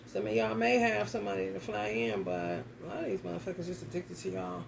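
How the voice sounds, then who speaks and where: A woman reads tarot in a loose vlog, talking bluntly and swearing freely straight to her viewers. Her voice carries a gravelly edge at a middle pitch. A faint hiss sits under it. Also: sing-song, fast talker. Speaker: tarot reader. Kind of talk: casual tarot reading vlog.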